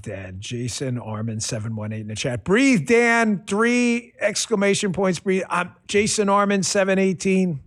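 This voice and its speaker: A man in his fifties hosting his own talk show, delivering a fired-up monologue that swings from muttered asides to near shouting. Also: medium pitch. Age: 50s. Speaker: podcast host.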